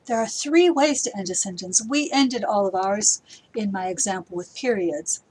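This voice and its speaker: A woman's voice: mid-range voice, normal speed, darkish tone, a little hiss or hum, poor audio. A woman teaching writing to middle schoolers, explaining step by step while she edits. She sometimes reads the example sentences aloud with acted emotion. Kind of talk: recorded grammar lesson for middle schoolers.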